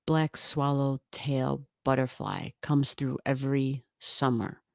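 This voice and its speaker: A woman hosts a casual astrology livestream, rambling as she greets viewers and reads their comments, laughing often and swearing lightly. Her rumbling low voice holds a steady tone with vocal fry, and she takes it slowly. The sound is clean studio audio with no echo.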